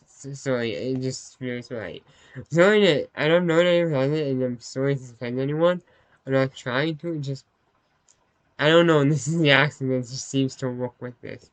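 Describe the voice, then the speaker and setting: A man narrates his story-game playthrough in a chatty, self-conscious way, dropping apologetic asides. His voice is medium-pitched at a moderate pace, in a low-quality recording with no room sound.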